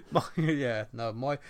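A middle-aged man co-hosting a podcast, recapping a TV episode in rambling, animated casual chat and laughing often. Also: medium pitch. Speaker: podcast co-host.

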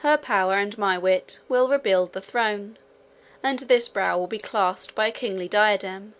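A woman's voice: mid-range voice, a little slow, a bit bright, close to an everyday voice. A woman reading the lines of a proud, ambitious young nobleman in an audiobook, with a haughty, grandiloquent delivery. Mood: scheming.

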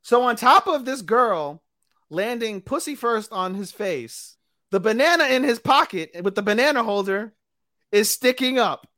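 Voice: mid-range voice, expressive, unhurried, pushed and bright. A podcast co-host retelling an anime episode in casual chat, crude and rambling, with plenty of swearing. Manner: crude, profane, rambling storyteller.

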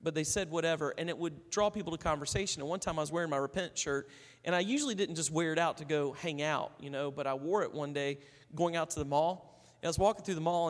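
A man's voice: on the high side, long reverb tail. A man preaching a sermon in a conversational way, telling stories and acting out the people in them. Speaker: pastor.

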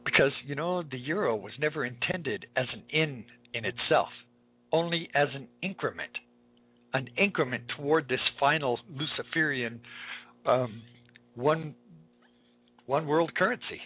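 Husky, emphatic talk radio host. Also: male voice, medium pitch, measured pace. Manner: emphatic, repetitive, urgent. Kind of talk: preaching talk radio monologue. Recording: tinny phone-like line.

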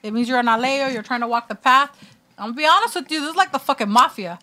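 A woman's voice: high voice, fast talker, sharp tone. A woman who does spiritual readings, talking candidly and profanely in casual chat and laughing through her stories. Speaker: spiritual reader.

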